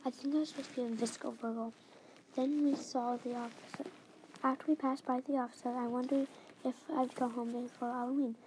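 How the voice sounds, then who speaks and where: A young female reader reading her own story aloud in the first person, halting and restarting phrases as she reads. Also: high-pitched, little pitch movement, darkish tone, rough recording. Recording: faint background noise.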